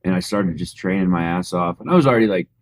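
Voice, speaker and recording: A Canadian man with a very low voice speaks as a podcast guest. He tells his story in a relaxed, modest way, dotted with fillers. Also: fast talker. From rural Alberta, Canada. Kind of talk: casual interview storytelling.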